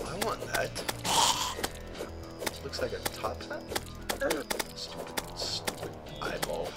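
A young man giving excitable let's play commentary, often shrieking in panic and blurting silly exclamations. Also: medium pitch, slow pace, pauses often. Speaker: gaming channel host. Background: game music.

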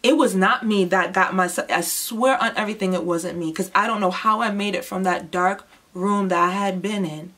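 A young woman giving an emotional personal testimony, moving between hushed, heavy moments and impassioned outbursts. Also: medium pitch, normal speed, few pauses. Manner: intense, swings from hushed to impassioned. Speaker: testimony speaker.

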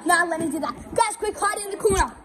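A woman's voice: very high-pitched, fast talker. Shrieky young girl in a noisy crowd. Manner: shrieky, giggly, breathless. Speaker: vlogger. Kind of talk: excited playful chatter. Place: busy house indoors.

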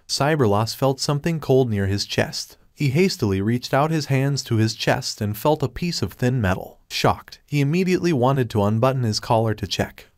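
A man reading a scripted story recap in an even, steady way. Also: medium pitch, no room sound, studio quality. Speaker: recap narrator.

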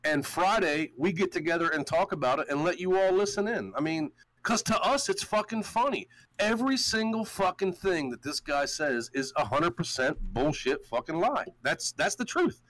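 A man's voice: a little high, expressive, normal speed, a bit bright, no echo, rough recording. A man hosting a podcast, ranting in a heated, profane, storytelling way. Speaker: show host. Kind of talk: casual podcast rant.

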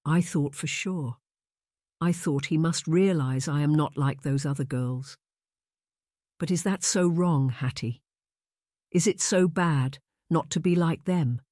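A woman's voice: sits low, slow, dark tone, no echo, clean studio sound. A woman narrator voicing a tearful, emotional young woman who wails and pleads, in an audiobook reading. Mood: pleading. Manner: wailing, pleading.

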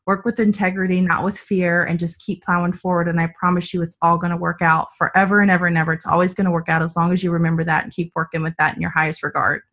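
A woman's voice: on the low side, little pitch movement, fast, few pauses, a bit bright. Earnest storytelling woman on a video call. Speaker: team leader. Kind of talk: motivational video call talk.

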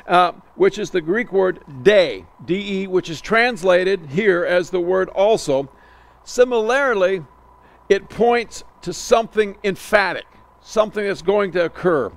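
A male pastor preaching an expository sermon, slowing to stress key words and often restarting phrases. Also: sits high, creaky.

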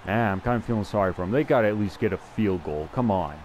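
A man's voice: on the low side, expressive, quick pace, darkish tone, slight background noise. Chatty young man commenting on gameplay. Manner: chatty, self-deprecating, thinks aloud with restarts. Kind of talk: casual live gameplay commentary.

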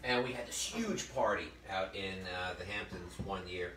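A man with a low, sharp-toned voice hosts a live cooking demonstration as a chef, speaking at a moderate pace. He chats, jokes and tells stories while he works, often calling his viewers "folks." The setting is a kitchen or library demo room, picked up by a distant mic that sounds roomy, with faint noise.

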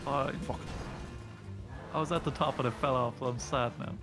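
A man's voice: mid-range voice, fairly even intonation, moderate pace, a bit bright, faint music behind. A man grumbling and swearing at his own mistakes while racing in a game with friends. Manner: grumbling, swears, self-mocking. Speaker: gamer in a group race. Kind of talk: casual gaming banter.

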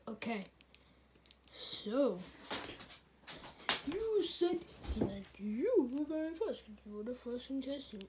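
A woman's voice: sits high, sing-song, slow, pauses often, noisy background. A woman hosting a playful plush toy sour challenge, announcing each contestant.

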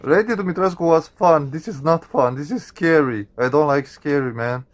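A man's voice: fairly high pitch, normal speed. A man hosting a gaming channel, reacting to a horror game with jumpy, swearing commentary addressed to his viewers.

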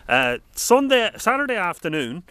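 A man's voice: sits high, big pitch swings, normal speed, a bit bright, clean tone, no echo. A man hosting a comedic video surf report outdoors in front of a lodge, rambling and flustered, full of fillers and restarts. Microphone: camera on a stand.

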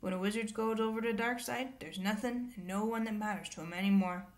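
A woman reading aloud and voicing a big, gruff male gamekeeper who growls his lines. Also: medium pitch, quick pace, lightly acted. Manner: growling, rough and blunt.

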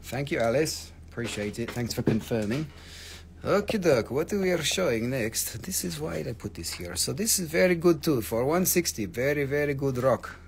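A man's voice: mid-range voice, big pitch swings, normal speed, vocal fry. Middle-aged male host for a live shop sale: casual, profane, rambling, faint room noise. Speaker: host selling rocks and minerals on a livestream. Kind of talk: casual live sales chat. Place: family-owned rock and mineral shop.

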